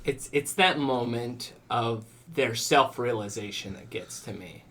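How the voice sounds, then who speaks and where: A man co-hosting a casual chat, telling a story in a lively way with frequent laughter. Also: mid-range voice, measured pace, slight background noise. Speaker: podcast co-host.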